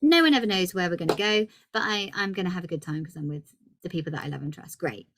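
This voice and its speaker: Low-pitched woman, 30s, upbeat workshop presenter coaching parents. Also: quick pace, noisy background. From England. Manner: lively and encouraging, acts out child dialogue. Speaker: early communication practitioner.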